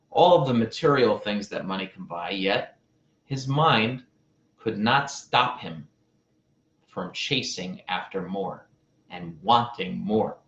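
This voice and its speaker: A man who is a relationship coach, telling a parable and giving advice in a deliberate way, with pauses and repeated phrases. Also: medium pitch. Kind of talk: storytelling advice talk. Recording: roomy, slightly dull sound.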